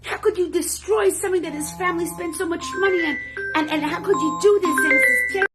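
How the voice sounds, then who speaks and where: A woman doing shrill screaming children. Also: fast talker, over loud music. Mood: screaming, pleading. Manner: shrill pleading. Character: crowd of screaming upset children.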